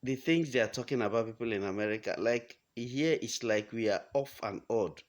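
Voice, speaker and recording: A man's voice: medium pitch, normal speed. A man from Nigeria with a Nigerian accent, giving a heated, blunt monologue full of rhetorical questions. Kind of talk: impassioned monologue. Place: home in the United States.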